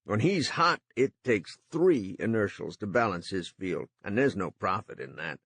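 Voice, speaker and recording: A man's voice: on the low side, big pitch swings, unhurried, fairly bright tone, slightly rough, no echo, exaggerated voice. A man voicing a worried middle-aged businessman who speaks in anxious, rising bursts in an audiobook.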